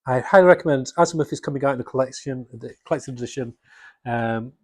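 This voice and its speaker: A man with a husky voice chatting casually and enthusiastically about comics, rambling with restarts. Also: mid-range voice, fast, no echo. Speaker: comics vlogger. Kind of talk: casual chat.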